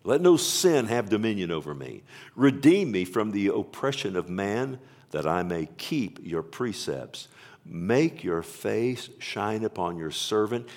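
A man's voice: on the low side, very animated, darkish tone. A man preaching a sermon to a congregation. He stresses scripture and calls out "Amen?" to the listeners. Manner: preaching with rising emphasis, slowing to stress scripture. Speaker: pastor.

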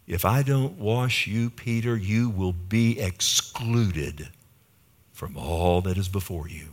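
A man's voice: fairly low pitch, unhurried. Conversational male preacher asking his listeners questions. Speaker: pastor. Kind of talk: sermon.

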